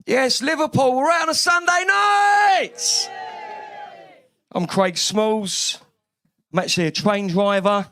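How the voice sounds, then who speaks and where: A man's voice: very high-pitched, big pitch swings, moderate pace, hardly any pauses, sharp tone, some chatter behind, a little hiss or hum. A man from East London with a London accent, doing a brash, cheeky stand-up comedy set on a club stage with lots of swearing.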